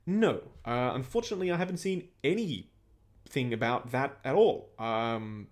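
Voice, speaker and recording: Lively Australian man chatting on a livestream. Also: medium pitch, unhurried. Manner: chatty, reads viewer questions aloud. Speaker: livestream host answering chat. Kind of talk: casual livestream chat.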